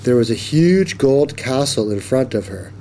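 Man reading a kids storybook out loud, slow and careful, faint hum in the room. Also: mid-range voice. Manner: slow, expressive, animated reading. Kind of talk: children's story read-aloud.

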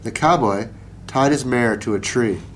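A man reading a children's story aloud as narrator, slow and gentle. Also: mid-range voice, a little hiss or hum, low-quality recording.

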